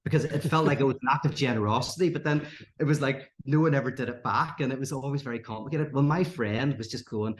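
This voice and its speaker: Man, podcast guest, animated storyteller, echoey room. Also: quick pace, few pauses, a little hiss or hum. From Northern Ireland. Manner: animated, acts out quoted characters with rising pitch. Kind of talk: storytelling in casual conversation. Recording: roomy echo.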